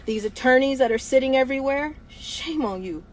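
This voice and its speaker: A woman's voice: sits high, expressive, a little fast, slight background noise, low-quality recording. A woman hosting a livestream, talking bluntly and emphatically, firing off repeated rhetorical questions with some profanity. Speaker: livestream host. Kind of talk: impassioned livestream monologue.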